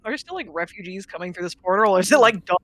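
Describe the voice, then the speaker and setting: Bright, giggly woman player. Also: medium pitch, lively intonation, rapid-fire, no echo. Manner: giggly, laughs often between lines. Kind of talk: casual tabletop game chat.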